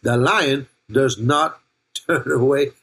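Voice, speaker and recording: Slow and a bit bright, with a breathy edge at medium pitch, this older male pastor delivers a sermon full of jokes and laughs. He calls on his listeners by name and checks if they're paying attention.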